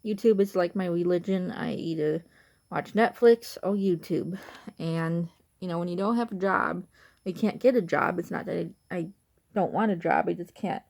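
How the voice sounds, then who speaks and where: A woman's voice: on the low side, normal speed, creaky, darkish tone. Rambling woman with a Chicago accent. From Chicago, Illinois. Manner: rambling, many fillers like "like" and "you know". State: just woke up, tired. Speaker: vlogger. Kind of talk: casual rambling chat to camera.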